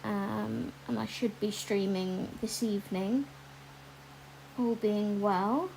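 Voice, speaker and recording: A woman's voice: medium pitch, steady tone, slow, vocal fry, a little mellow, a little hiss or hum, poor audio. A woman chatting casually while colouring on a livestream, with lots of ums and asides to viewers reading their comments.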